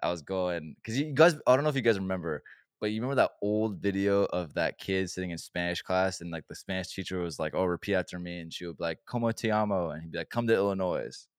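Laid-back, low-voiced young man chatting. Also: fast talker, clear, resonant tone, no echo, clean studio sound. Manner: laid-back, swears a lot, laughs often. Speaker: podcast co-host. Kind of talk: casual chat.

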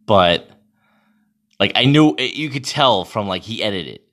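Very deep-voiced young man ranting. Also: lively intonation, a little slow, a bit bright. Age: young adult. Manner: profane, rambling, lots of fillers. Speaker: beer league hockey goalie vlogger. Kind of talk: casual rant to camera.

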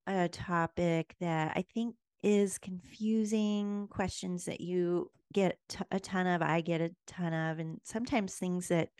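Slow-talking smooth podcast woman. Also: lowish voice, no room sound, studio quality. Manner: bubbly, laughs easily. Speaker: podcast host. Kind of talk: casual podcast chat.

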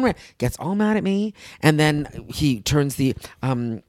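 A woman telling a story in a casual chat, acting out quotes with big jumps in pitch. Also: lively intonation, normal speed, few pauses, a little mellow, dry recording.

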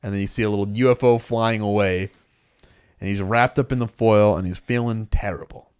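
A man with a lowish voice, chatting casually as a podcast co-host. He retells a story with animated energy and acts out the characters' lines as he goes. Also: a little fast, clean tone. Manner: animated storytelling, acting out dialogue. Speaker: podcast co-host recapping a comic. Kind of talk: casual chat.

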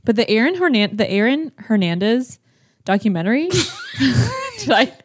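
A woman co-hosting a podcast in casual chat, high and giggly, swearing and rambling as she talks. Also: big pitch swings, a little fast. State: high on marijuana. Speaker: podcast co-host.

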